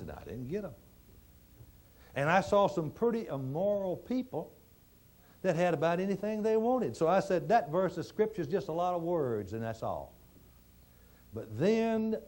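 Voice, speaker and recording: A man giving a motivational speech, telling stories in a folksy, dramatic way that swings between quiet and emphatic. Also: a little high. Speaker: motivational speaker.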